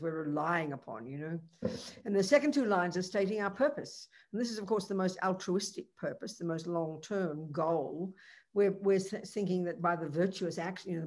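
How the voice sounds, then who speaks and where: A woman's voice: on the low side, a little mellow. A woman teaching the Dharma as a Buddhist nun, talking conversationally and earnestly, with rhetorical questions, restarts and frequent asides.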